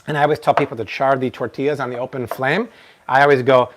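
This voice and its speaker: A man in his thirties hosts a live-stream cooking demo, chatty and energetic, now and then slipping into playful broken Spanish. He talks fast in a mid-range voice, with a little hiss or hum.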